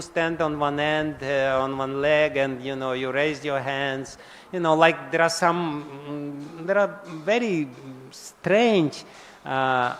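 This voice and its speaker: A man giving a scripture lecture to an audience, often asking them questions and chuckling as he explains. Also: sits high. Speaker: spiritual lecturer. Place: large temple hall. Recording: long hall reverb.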